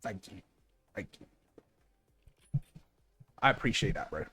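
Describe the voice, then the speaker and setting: Excitable young man casting a match. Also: low-pitched, a little slow. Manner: excitable, shouting thanks to viewers. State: losing his voice. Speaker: streamer and match caster. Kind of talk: live esports commentary.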